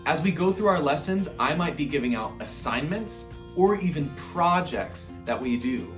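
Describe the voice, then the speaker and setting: A man teaching an online music lesson to young children, upbeat and encouraging, sometimes demonstrating hoots and squeaky voices. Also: lively intonation, moderate pace, echoey room.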